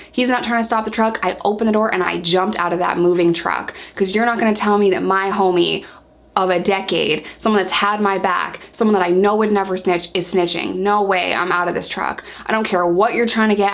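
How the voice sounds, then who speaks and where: A young woman telling her own story to camera in casual talk, animated and acting out what she once said. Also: medium pitch. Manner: animated, acts out her own past lines.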